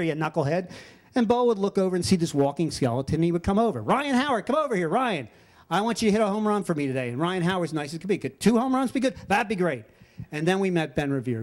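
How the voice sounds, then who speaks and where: An older man telling a personal story live at a story slam, animating the quoted voices of people around him. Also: a little high. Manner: animated, acts out quoted friends with voice shifts.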